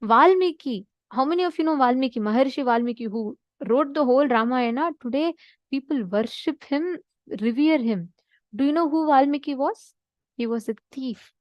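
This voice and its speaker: A woman's voice: high-pitched, lively intonation, moderate pace, no room sound, highs cut off. Earnest woman teaching. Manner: earnest, addresses listeners directly with questions. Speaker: spiritual teacher. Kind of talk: spiritual discourse with storytelling.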